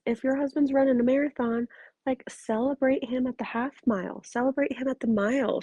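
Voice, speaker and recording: This woman's mid-range voice is husky and mellow with vocal fry, captured in a dry recording. Tired and curled up in bed, the podcast host and relationship coach speaks frankly and emphatically in a casual solo monologue, swearing freely.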